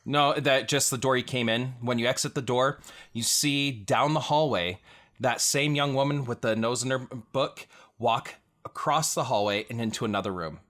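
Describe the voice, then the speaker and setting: A man acting as game master narrates a tabletop game, describing scenes plainly. His mid-range voice has a fairly bright tone and a moderate pace.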